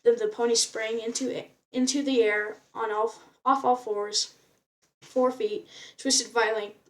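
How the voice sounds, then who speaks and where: A woman reading a novel aloud, unrehearsed and plain. She often trips over words and goes back to restart them. Her voice sits somewhat high. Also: steady tone, unhurried, recorded from a distance. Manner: unpolished reading, frequent stumbles and restarts. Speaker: reader.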